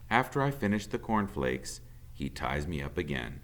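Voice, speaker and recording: Teacher reading a novel aloud. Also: male voice, extremely low pitch, normal speed. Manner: plain storytelling with lively voiced dialogue.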